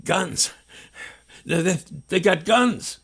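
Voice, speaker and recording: A man's voice: slow, gravelly, a bit bright, husky, exaggerated voice. A man putting on a breathless, panicked grown man. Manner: stammering, high and strained. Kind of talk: audiobook character voice.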